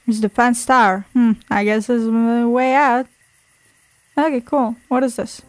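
A gameplay streamer with a fairly high voice and fairly even intonation reads the game's dialogue aloud at a measured pace in a dry recording. Throughout her let's play commentary she swears, giggles and adds sassy asides.

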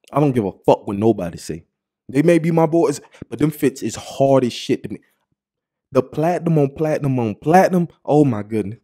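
A young man hosts his show in casual, hyped commentary, piling on exclamations and slang. His voice is mellow and dark. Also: mid-range voice. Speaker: show host.

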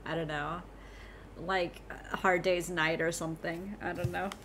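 A woman's voice: fairly low pitch, flat delivery, a little slow, a crowd in the background. A woman streaming a game live, playful and giggly, exclaiming as she plays. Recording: game music behind voice.

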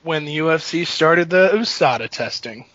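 A man co-hosting a casual sports podcast, animated and jokey, laughing often. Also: fairly high pitch, moderate pace. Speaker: podcast co-host. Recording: dull lo-fi dry sound.

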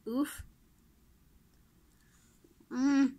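A woman plays a mobile game and talks her way through it, begging shots to work and laughing at her own misses. Her voice sits a little high and she speaks slowly, trailing off into muttered asides. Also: level tone, mellow. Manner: self-mocking, pleading with the game, muttering asides. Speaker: gamer playing a mobile game. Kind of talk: casual gameplay commentary.

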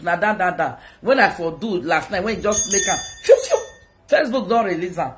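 A woman's voice: medium pitch, slight background noise. A woman with a Nigerian accent, chatting to viewers on a livestream, teasing them and sing-songing mock sales calls. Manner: sing-song hawking calls, switches between Pidgin and Yoruba. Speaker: social media live streamer.

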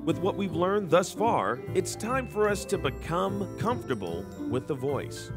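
A man narrates in an upbeat, announcer-like voice, his pitch jumping around in a lively way. The script is delivered brightly and is clearly read. Music plays clearly behind him. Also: measured pace.

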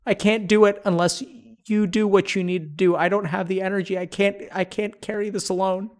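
High-voiced man giving an earnest pep talk. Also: little pitch movement, brisk. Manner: earnest, pleading. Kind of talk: motivational pep talk on stream.

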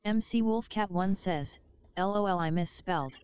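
A synthetic woman's voice reading chat messages aloud in an even, mechanical way. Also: mid-range voice, normal speed, clean tone, dry recording, muffled recording. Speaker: text-to-speech chat reader.

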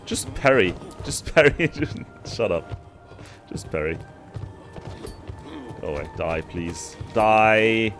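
A frustrated man playing a video game and commenting as he goes. His voice jumps around a lot, from loud swearing to quiet grumbling. Faint music plays underneath. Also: sits low, big pitch swings, takes it slowly, long pauses. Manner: swearing, frustrated, swings between shouting and muttering. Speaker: gaming streamer. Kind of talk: let's play commentary.

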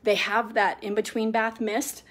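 A middle-aged woman chatting casually while grooming her dog, rambling with many ums and restarts and cooing soft asides to the dog. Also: fairly high pitch, flat delivery, unhurried.

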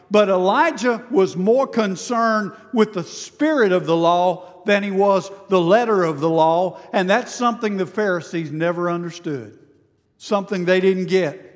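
Pastor man preaching, high voice, slows way down on the prayers, echoey church hall. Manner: preaching with rising emotion, slowing down on quoted prayers. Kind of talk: sermon. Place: church sanctuary. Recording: reverberant church sanctuary.

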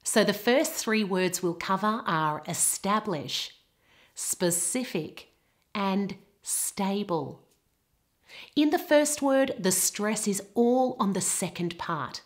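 A woman presenting a short pronunciation lesson at a slow, unhurried pace. She sets out each word with care and repeats it for the listener to copy. Her pitch sits in a medium range. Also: lively intonation. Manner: clear, deliberate model pronunciations. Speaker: pronunciation teacher.

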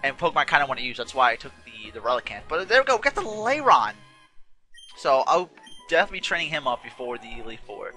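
A man with a very bright, forward voice talks over a video game, chatty and rambling, often restarting his sentences. He sounds a little tired, with game music faint behind him. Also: medium pitch, sing-song, fast talker. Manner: rambling, self-correcting, chatty. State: yawning, a bit tired. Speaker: let's play host. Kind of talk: casual gameplay commentary.

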